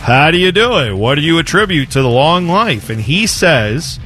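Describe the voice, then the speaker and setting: A man's voice: a little high, sing-song, moderate pace, fairly bright tone, soft background music. A man co-hosting a sports talk radio show in casual banter, telling a news story with jokes and chuckles.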